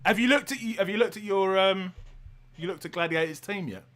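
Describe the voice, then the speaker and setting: A man hosting a casual football watchalong, easygoing and quick to laugh as he asks questions. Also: high-pitched, a bit bright. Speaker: podcast host.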